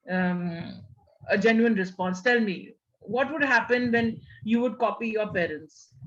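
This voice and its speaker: A woman's voice: fairly high pitch, a bit bright. A middle-aged woman gives a motivational panel talk over a video call, quizzing her listeners and often saying "you know". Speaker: panel speaker. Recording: muffled video call audio.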